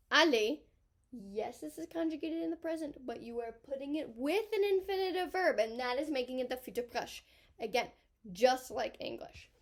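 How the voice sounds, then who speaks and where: High voiced teacher lady explaining grammar, keeps hammering the point. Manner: emphatic, repeats points for students. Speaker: high school French teacher. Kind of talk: grammar lesson.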